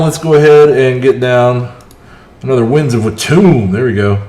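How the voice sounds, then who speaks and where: A man livestreaming a strategy game, keeping up a running, chatty commentary on his moves. He reacts aloud to each turn and answers his viewers as he plays. His mid-pitched voice sits in a roomy, echoey space. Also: measured pace, pauses often, a little mellow. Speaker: streamer. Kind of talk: live gameplay commentary. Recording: roomy echo.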